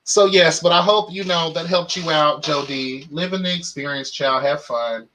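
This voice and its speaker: A young man hosting a casual chat show, telling a story in a flamboyant, sassy, animated way and speaking straight to his listeners. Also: a little high, moderate pace, a little hiss or hum, low-quality recording. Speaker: podcast host.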